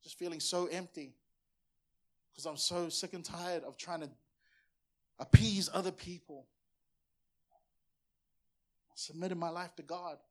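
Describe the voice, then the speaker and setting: A man's voice: fairly high pitch, steady tone, unhurried, pauses often, fairly bright tone. A man in his forties from Samoa, a pastor preaching a sermon in an earnest, passionate way and often repeating words as he presses a point.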